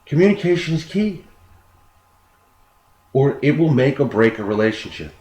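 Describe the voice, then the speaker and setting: A man's voice: medium pitch, very animated, normal speed, darkish tone. A man giving an unscripted self-improvement talk, earnest, often repeating words as he explains. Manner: earnest, repeats words, acts out quoted dialogue. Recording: echoey room with faint noise.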